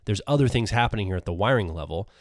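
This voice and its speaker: Low-voiced man co-hosting a podcast. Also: fast, no echo, clean studio sound. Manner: relaxed, adds caveats and qualifications. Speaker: podcast co-host. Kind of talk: casual podcast talk.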